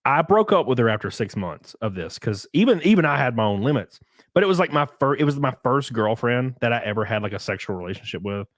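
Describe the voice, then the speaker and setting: Lively rambling young man telling stories. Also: mid-range voice, quick pace, dry recording, clean studio sound. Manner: rambling storyteller, swearing, laughing often. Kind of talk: casual podcast chat.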